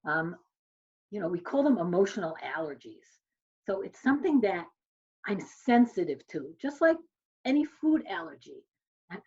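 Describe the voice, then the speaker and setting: A woman's voice: lowish voice, a little mellow, breathy edge, muffled recording. A woman in her sixties, a social worker giving a talk, telling a personal story and acting out the dialogue. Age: 60s. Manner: storytelling, acts out quoted exchanges.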